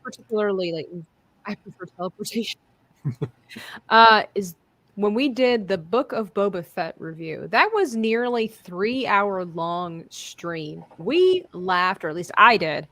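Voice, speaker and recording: A woman co-hosts a relaxed livestream in a chatty, rambling way, reading out viewer comments and tossing in quick asides. Her voice is mid-pitched, and the sound is close and dry, with no room around it. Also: no echo. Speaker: co-host of a livestream. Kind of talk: casual livestream chat.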